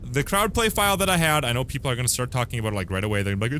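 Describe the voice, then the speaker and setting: Streaming a game from home, this man talks loosely to his chat and curses at equipment that won't work, his mood swinging quickly from one moment to the next. His mid-range voice is expressive and a touch bright. There's slight background noise, and the mic sounds far off, glitchy and robotically distorted.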